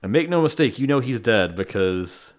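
Man, low voice, casual movie podcast chat, chiming in. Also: lively intonation. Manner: chiming in with quick agreements and asides. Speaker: podcast co-host. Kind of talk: casual film recap chat.

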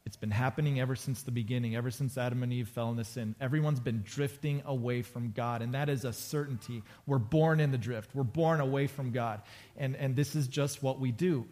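A man's voice: mid-range voice, a little fast, warm tone. A man preaching a conversational sermon to a congregation, casual and joking, repeating phrases for emphasis. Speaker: pastor. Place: church sanctuary before a congregation.

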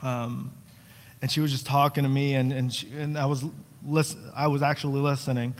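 A young adult man from New Jersey preaches a sermon to his congregation in a church sanctuary, conversational and earnest, mixing joking asides with pleading calls to his church. As a pastor, he has a mid-range voice with little pitch movement and a moderate pace. The recording carries long church hall reverb.

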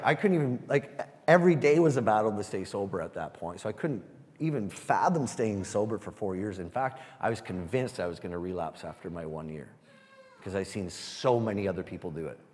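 Low-voiced man preaching in a hall. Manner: halting, repeats words, asks the room "Amen?". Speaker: speaker sharing testimony. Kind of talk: sermon testimony.

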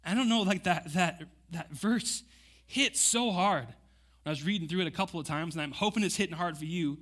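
A man's voice: high-pitched, fairly quick. A young man preaching a casual sermon, reading scripture and acting out the people in it with chatty slang asides. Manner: conversational, animated, acts out quotes with slang asides.

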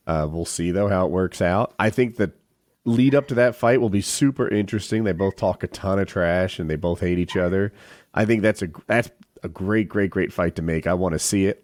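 Animated guy telling stories, dry sound. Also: fairly low pitch, normal speed, no echo. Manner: animated storytelling, acts out quotes in a raised voice; swears freely. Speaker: podcast co-host. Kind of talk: casual chat.

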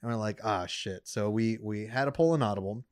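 A young man in casual chat, telling a story with lots of laughter and squeaky voices for the people he quotes. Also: a little fast, dry recording, studio quality.

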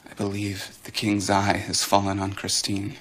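An actor playing a grave older father who speaks in a measured way. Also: fairly low pitch, completely flat delivery, a bit bright, husky.

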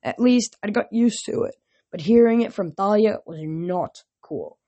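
A woman narrating a novel aloud in a plain, steady reading voice. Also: mid-range voice, measured pace, muffled recording.

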